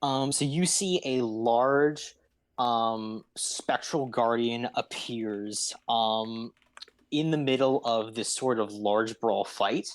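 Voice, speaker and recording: Male game master, slow and halting delivery, dry close sound. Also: medium pitch, no echo. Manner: unhurried, with frequent ums and uhs. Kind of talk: narrating a tabletop game.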